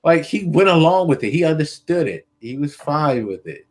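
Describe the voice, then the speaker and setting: A man co-hosting a casual political podcast, earnest and hesitant, pausing on frequent ums as he works through his points. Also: a little high, very animated. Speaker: podcast co-host.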